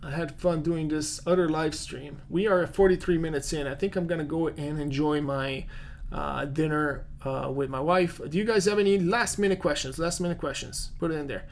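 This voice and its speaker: A man's voice: fairly high pitch, normal speed, vocal fry, slight background noise. A man with a non-native English accent, a real estate agent hosting a casual live-stream Q&A, chatty and full of fillers as he answers viewer comments.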